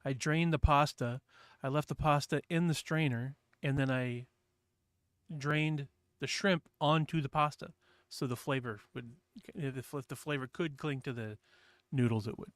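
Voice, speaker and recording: A man's voice: mid-range voice, fairly even intonation, moderate pace, fairly bright tone, no room sound, clean studio sound. A man from New Hampshire hosting a casual livestream chat, rambling and reading viewers' messages aloud. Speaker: livestream host.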